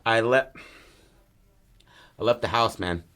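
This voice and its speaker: A man's voice: fairly low pitch, takes it slowly, fairly bright tone, clean tone. A man voicing an anxious young son who stammers out guilty apologies to his father.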